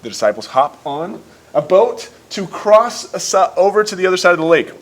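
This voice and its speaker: A young man hosting a casual livestream Bible study, retelling the stories in an excitable, jokey way with quick voiced asides. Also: high-pitched. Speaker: youth ministry host.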